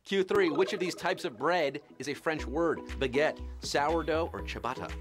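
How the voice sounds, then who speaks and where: A man with a high voice hosts a live trivia game show. He reads questions and answers in a playful, punning patter full of wisecracks. Soft music plays faintly behind him. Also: moderate pace. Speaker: quiz show host.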